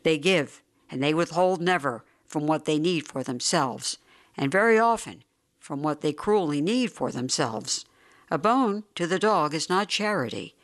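Wry, measured audiobook narrator. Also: medium pitch, lively intonation, a bit bright. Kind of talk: scripted narration.

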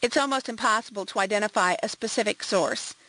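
A woman's voice: medium pitch, fast, bright, forceful tone, close to an everyday voice, low-quality recording. Reserved male detective, careful and tentative; woman reader.

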